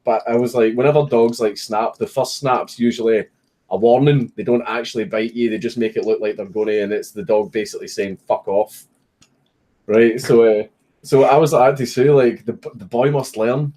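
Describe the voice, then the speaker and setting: A man's voice: mid-range voice, fairly even intonation, moderate pace, warm tone. A Scottish man on a casual livestream, swearing often and laughing through his stories while reading comments. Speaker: streamer. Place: home, at a computer, with a puppy. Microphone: desk microphone.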